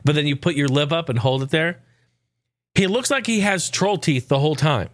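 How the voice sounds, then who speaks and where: A man's voice: a little high, a bit bright, dry recording, clean studio sound. A man hosting a podcast in casual chat, rambling loosely, swearing freely and chuckling often. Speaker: podcast host.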